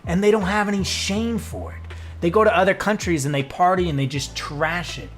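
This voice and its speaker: An American man casually chatting on a live stream, swearing often and ranting loudly when worked up. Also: sits high, steady tone, faint music behind. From United States. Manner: profane, ranting, gets loud and drawn-out when worked up.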